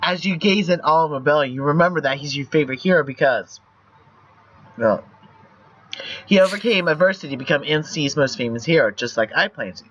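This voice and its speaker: A man's voice: on the high side, a bit bright. A young man streaming a text game, reading story passages and chatting loosely with casual swearing. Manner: loose and profane, reads story text aloud. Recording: dull lo-fi stream mic.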